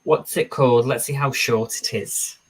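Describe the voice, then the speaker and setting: A male streamer with a slightly husky, breathy voice at a middle pitch. He talks in a loose, chatty way, reading out viewer comments and replying to them on the fly. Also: fairly even intonation, normal speed. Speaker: streamer host. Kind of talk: casual live-stream chat.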